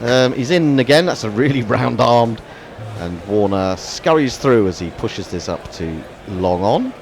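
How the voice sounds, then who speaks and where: Man giving lively cricket commentary. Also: medium pitch, a little slow, a little hiss or hum. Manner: wry, chatty banter between deliveries. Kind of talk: ball-by-ball radio commentary.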